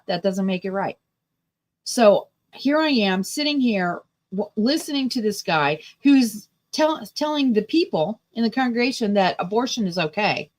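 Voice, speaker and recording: Indignant, emphatic talk-radio woman. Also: fairly high pitch. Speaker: radio show host. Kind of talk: opinionated talk radio monologue.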